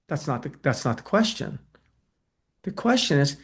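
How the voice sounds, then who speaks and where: An energetic man teaching real estate sales in a fairly high voice. He talks straight to his trainees and now and then plays the agent and the seller himself. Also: normal speed. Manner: energetic, acts out client dialogue.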